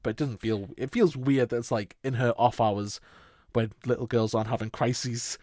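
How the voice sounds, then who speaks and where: A man's voice: medium pitch, normal speed, dry recording. A man co-hosting a podcast, joking sarcastically and swearing freely. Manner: sarcastic, swears, jokey, lively delivery. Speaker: podcast co-host. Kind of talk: casual chat.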